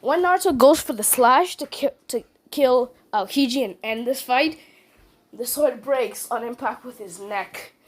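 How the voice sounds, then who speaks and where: A woman's voice: high voice, measured pace. Rambling young-sounding woman telling a fan story. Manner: rambling, with fillers and restarts. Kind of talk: improvised fan-fiction narration.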